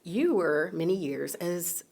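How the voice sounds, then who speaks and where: Lower-pitched female TV interviewer. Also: expressive, takes it slowly, vocal fry, a little mellow. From Jersey City. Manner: conversational, with short affirmations and fillers. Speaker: TV news interviewer. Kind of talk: broadcast interview. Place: TV news studio.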